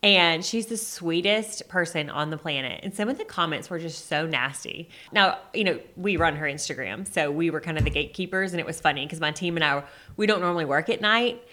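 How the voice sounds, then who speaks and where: A woman's voice: deep voice, fairly quick, bright, forceful tone. A woman hosting a casual podcast interview, friendly and encouraging, laughing easily as she talks. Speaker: podcast host, social media manager.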